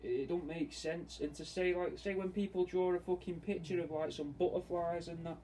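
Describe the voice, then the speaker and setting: A man's voice: high-pitched, little pitch movement, a little fast, dark tone. A man chatting casually and meandering, swearing freely while he works on a taxidermy piece for fans. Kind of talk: casual rambling chat while working. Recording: distant mic with faint ambient noise.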